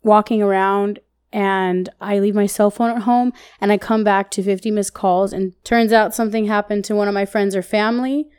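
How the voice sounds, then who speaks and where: A woman's voice: medium pitch, fairly even intonation, moderate pace, darkish tone, clean tone. A young woman co-hosting a podcast in casual chat, chatty, swearing freely and laughing often. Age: young adult. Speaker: podcast co-host.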